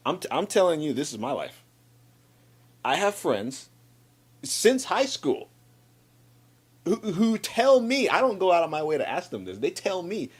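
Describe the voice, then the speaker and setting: A man telling personal stories in a casual chat, animated, restarting and repeating words, acting out what friends said. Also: medium pitch, moderate pace. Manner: acts out friends' lines in livelier voice.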